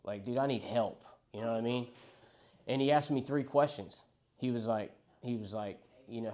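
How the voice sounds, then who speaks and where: A man's voice: mid-range voice, moderate pace, darkish tone. A young man telling his recovery story in a frank, rambling, profane way, quoting the people he met. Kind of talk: candid recovery testimony.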